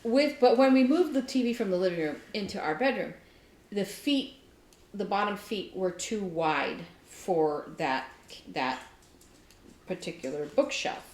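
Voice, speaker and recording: A woman co-hosting a casual chat, telling an animated story and laughing often. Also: medium pitch, unhurried. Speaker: podcast co-host. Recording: roomy echo.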